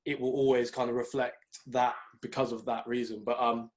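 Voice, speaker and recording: A man's voice: mid-range voice, moderate pace. Young guy telling a story. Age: young adult. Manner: animated storytelling, mimics people in raised voices. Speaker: podcast co-host. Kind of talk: casual chat.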